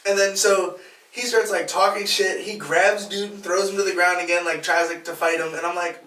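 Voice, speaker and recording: A man's voice: high voice, brisk, distant mic, slight background noise. A man, a podcast co-host, telling a story in casual chat, acting out the voices of the people in it. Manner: animated, acts out quoted voices, laughs mid-story. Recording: roomy, off-mic podcast audio.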